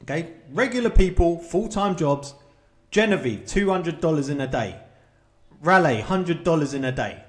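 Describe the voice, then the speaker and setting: Emphatic, higher-voiced male coach. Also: lively intonation, normal speed. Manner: emphatic, repeats points with rhetorical checks. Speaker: self-publishing coach. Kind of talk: casual talk to camera.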